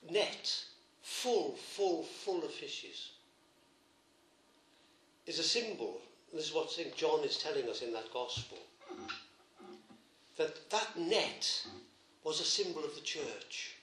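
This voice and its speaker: A man, a priest, preaching a sermon, retelling a gospel story gently with emphatic repetitions. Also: on the high side, very animated, slow pace, long pauses, echoey room, a little hiss or hum.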